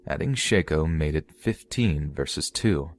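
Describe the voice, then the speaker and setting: A man reading a creepy first-person story aloud in a steady storytelling delivery. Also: extremely low pitch, measured pace, a little hiss or hum. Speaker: story narrator.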